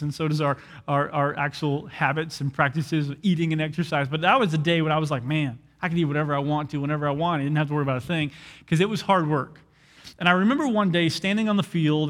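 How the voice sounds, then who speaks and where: A young adult man preaching a sermon as a pastor, telling an animated story and acting out quoted dialogue. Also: fairly high pitch, long reverb tail.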